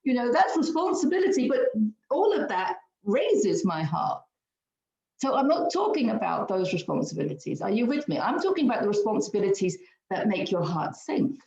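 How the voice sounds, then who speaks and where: A woman's voice: mid-range voice, sing-song, moderate pace, gravelly, mellow. Laughing, earnest woman reading tarot. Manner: earnest and upbeat, laughs often. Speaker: tarot reader. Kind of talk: weekly tarot card reading. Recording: roomy, slightly dull sound.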